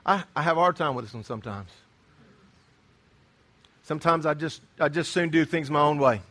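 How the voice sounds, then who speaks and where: A man's voice: on the high side, moderate pace, fairly bright tone. A middle-aged man preaching a sermon, earnest and emphatic, often repeating his key phrases. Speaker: pastor.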